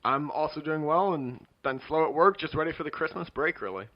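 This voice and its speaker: A man co-hosting a casual movie podcast, laid-back and measured, on a dull lo-fi mic. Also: a little high, expressive. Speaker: podcast co-host.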